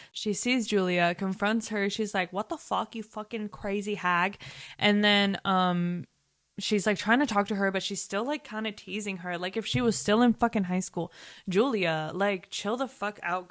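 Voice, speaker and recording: A woman's voice: medium pitch, a bit bright, no room sound, clean studio sound. A young woman vlogger recapping a TV show in casual chat, rambling and swearing freely, with lots of "like" and "um". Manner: chatty, profane, lots of "like" and "um", rambling.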